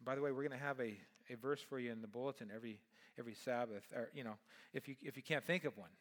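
A middle-aged man, a pastor, preaching a sermon and telling a personal story in an animated way that swings between loud and hushed. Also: mid-range voice, very fast.

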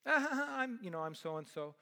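This middle-aged male pastor preaches and shares a story from his own life, his delivery lively and shifting from loud to soft. His voice is very high and gravelly, and he takes his time.

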